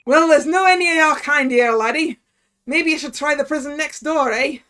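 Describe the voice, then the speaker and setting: A woman voicing a gruff, hostile male prison governor in a put-on Scottish accent, blustering and threatening. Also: high voice, normal speed, a bit bright. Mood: gruff, suspicious.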